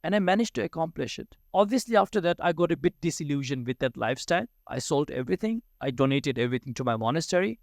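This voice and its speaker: A man's voice: a little high, lively intonation, fast talker, gravelly, hardly any pauses, dry recording, studio quality. A middle-aged man from Ladakh, giving a motivational talk full of personal stories and rhetorical questions, slipping into Hindi phrases. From Ladakh, India. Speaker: Buddhist teacher giving a talk.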